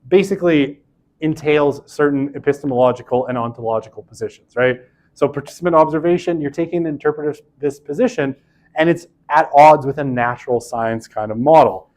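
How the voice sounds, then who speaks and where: Male university lecturer, mid-pitched, chatty recorded lecture, keeps asking "right?", drifts into asides. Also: darkish tone. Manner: casual and chatty, tags sentences with "right?"; self-interrupting, with asides and restarts.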